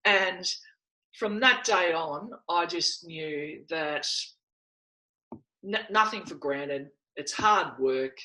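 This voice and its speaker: An Australian woman in her fifties, a former athlete telling stories in a podcast interview, lively and laughing often as she acts out old conversations. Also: low-pitched, slow pace, poor audio. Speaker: guest, former netball player.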